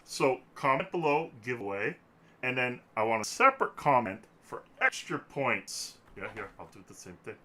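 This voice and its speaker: A man hosting a casual podcast, his pitch swinging widely as he jokes and rambles. His voice is bright and forward. He laughs often, talking into a desk microphone. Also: big pitch swings, normal speed, slight background noise. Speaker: podcast host.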